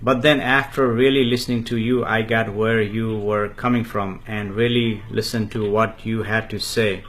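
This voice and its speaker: Brief: man, spiritual teacher answering viewer comments on a live stream, halting delivery full of fillers. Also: on the low side, little pitch movement, a bit bright. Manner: refers to himself in the third person, slow and halting with many fillers.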